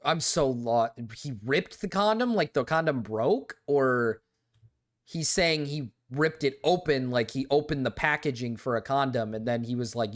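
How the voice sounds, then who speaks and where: A man's voice: medium pitch, measured pace. A young man hosting a live stream, talking casually in a rambling, exasperated way, full of "like" and repeated words. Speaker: livestream host.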